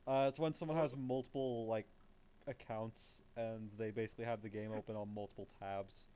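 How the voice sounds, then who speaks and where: A man chatting casually while leading friends through an online game, explaining mechanics in a relaxed way with the odd swear. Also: fairly low pitch, fairly quick, smooth. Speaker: gamer leading the group. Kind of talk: casual chat while gaming.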